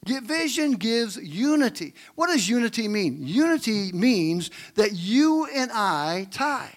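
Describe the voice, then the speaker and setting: A man's voice: sits high, measured pace. A male pastor preaching a sermon, telling stories and asking the congregation questions. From Great Lakes region of the US. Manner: animated storytelling preacher, asks the congregation questions. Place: church.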